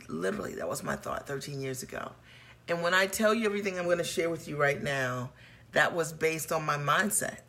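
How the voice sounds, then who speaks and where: A woman's voice: low voice, expressive, moderate pace, a bit bright. A woman business coach hosting a live broadcast, speaking in an earnest, personal and encouraging way and greeting viewers as they join. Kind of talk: motivational live-stream talk.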